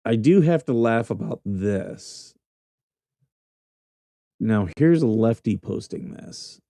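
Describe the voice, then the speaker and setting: A man's voice: fairly low pitch, animated, slow pace, vocal fry, dark tone, no room sound, studio quality. Blunt, profane man hosting a show. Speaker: host. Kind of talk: casual commentary on news clips.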